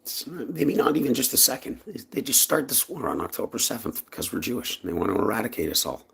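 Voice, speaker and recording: In his own vlog, a Canadian man gives an impassioned personal monologue, speaking emphatically with lively swings in pitch. He talks fast, his voice gravelly and husky.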